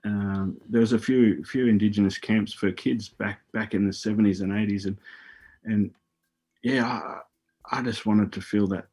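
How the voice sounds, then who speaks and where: A man's voice: fairly low pitch, fairly even intonation, moderate pace, darkish tone, breathy edge. A middle-aged Australian man, a radio guest, telling rambling stories with repeated words and casual swearing. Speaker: guest, former Olympic hurdler. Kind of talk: casual storytelling on a radio show.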